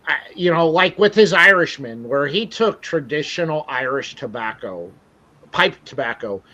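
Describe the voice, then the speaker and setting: A man with a fairly high voice hosts a relaxed interview, rambling along and running himself down, full of restarts. The audio is dull and lo-fi. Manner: rambling, self-deprecating, many restarts. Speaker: show host. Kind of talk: casual interview chat.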